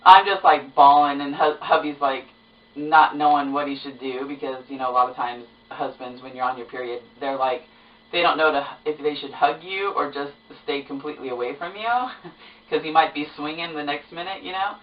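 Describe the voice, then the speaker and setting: A woman's voice: sits low, normal speed. Woman vlogger, casual chatty storyteller; distant roomy recording. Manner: chatty, animated retelling with lots of fillers. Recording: roomy, distant, dull sound.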